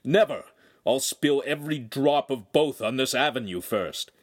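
Male narrator as a furious middle-aged master, loud and bitter, lively storybook reading. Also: on the high side, unhurried, no room sound, clean studio sound, voice pushed up. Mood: booming. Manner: roaring, bitter.

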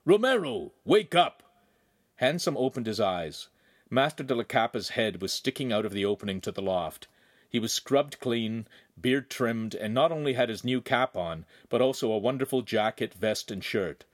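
A man reading a young adult novel aloud as its narrator, with expressive storytelling. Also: fairly low pitch, moderate pace, dry recording, clean studio sound. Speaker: audiobook narrator. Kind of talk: scripted narration.

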